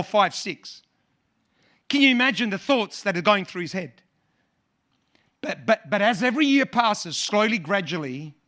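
High, bright-voiced preaching pastor. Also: male voice. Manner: impassioned preaching with repetition and rising emphasis. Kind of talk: sermon.

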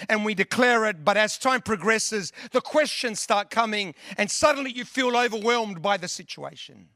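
A man's voice: high-pitched, normal speed, few pauses, sharp tone, no echo. Man, preacher, sermon, earnest, conversational, dry close sound. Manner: earnest, conversational, with long lists and restarts.

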